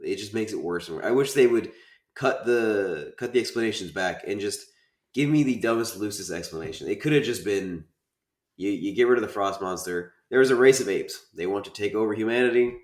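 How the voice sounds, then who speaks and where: A man's voice: on the low side, lively intonation, brisk, reverberant. A man co-hosting a casual film review chat, emphatic and repeating his points as he complains at length. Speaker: podcast co-host.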